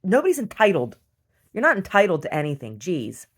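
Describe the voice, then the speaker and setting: Blunt, profane woman with a low voice, venting in a home video diary. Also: wildly swooping pitch, a little fast. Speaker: video diarist. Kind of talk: casual video diary rant. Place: rural property at home.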